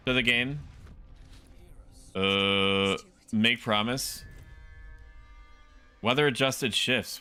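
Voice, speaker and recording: Bright-voiced joking male game streamer. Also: medium pitch. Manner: joking, chatting with chat. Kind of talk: casual gaming livestream commentary.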